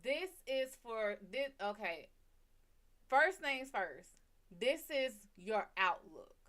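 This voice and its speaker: A woman's voice: a little high, big pitch swings, slow, fairly bright tone. Woman, tarot host on a live stream, casual and profane, chats straight to viewers, desk mic with her voice drifting off it. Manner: loose and chatty, swears freely, talks to viewers by name. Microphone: desk mic, often turned away from it.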